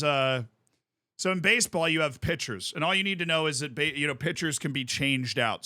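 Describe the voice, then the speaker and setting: A man chatting casually on a live stream, telling stories in an animated way and laughing often. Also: fairly high pitch, dry recording, clean studio sound.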